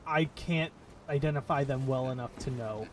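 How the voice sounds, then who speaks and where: A man's voice: mid-range voice, normal speed. A man chatting casually and jokingly, with some swearing, while playing a game. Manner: joking, profane, playful. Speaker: gameplay co-host. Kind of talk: casual gaming chat. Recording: distant mic with clear background noise.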